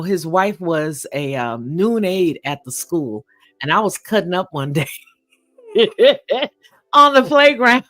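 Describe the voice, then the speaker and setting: Give me a chuckling, reflective live-stream host with a dry, close sound and soft music behind. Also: medium pitch, no room sound. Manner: reflective, chuckling, filler-heavy. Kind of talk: personal storytelling on a live stream.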